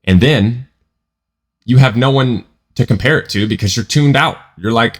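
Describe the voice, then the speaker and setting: A man's voice: mid-range voice, moderate pace. A man talking in a casual vlog monologue about trading, emphatic and profane, often repeating himself. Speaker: trading educator.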